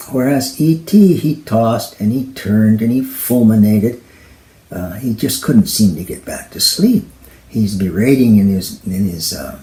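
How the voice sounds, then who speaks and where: A man telling an original travel story to an audience, voicing the characters as he goes. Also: on the low side. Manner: slow, lively, voicing characters. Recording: echoey room.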